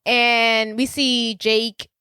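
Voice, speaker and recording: Podcast co-host, woman, mid pitch, chatty recap voice, dry close sound. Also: little pitch movement, very slow, sharp tone, clear, resonant tone, no room sound. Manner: chatty, retells scenes with lots of "like". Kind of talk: casual movie recap chat.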